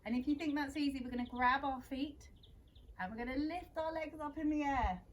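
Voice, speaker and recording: A young woman, gently guiding children through a yoga class with steady encouragement. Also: high voice, a little fast, slight background noise. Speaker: kids yoga teacher.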